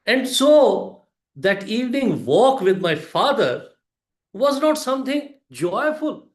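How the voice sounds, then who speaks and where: A man giving a prepared storytelling speech to a club audience, with a deliberate delivery, pauses and emphatic rises. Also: very high-pitched, very animated, reverberant.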